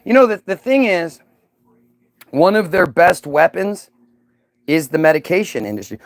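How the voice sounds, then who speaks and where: A man delivering a solo rant, agitated and profane, stumbling over repeated words and slipping into sarcastic mimicry. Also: high-pitched.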